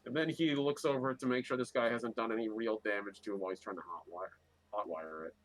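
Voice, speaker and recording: A man's voice: fairly low pitch, fast, no echo, low-quality recording. A man playing a tabletop game, narrating his character's actions with many hesitations. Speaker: player.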